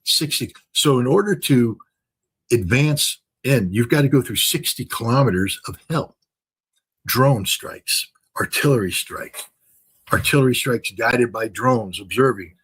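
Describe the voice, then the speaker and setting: A man's voice: medium pitch, expressive, unhurried, a bit bright, slightly rough, rough recording. An older man giving impassioned commentary, talking emphatically with many fillers, restarts and repetitions.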